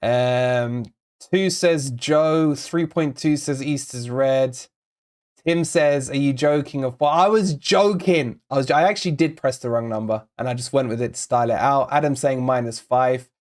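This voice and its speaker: A man's voice: medium pitch, unhurried, a little mellow. A young man hosting a fan channel, giving sarcastic, exasperated player ratings and reading out viewer comments while recovering from covid.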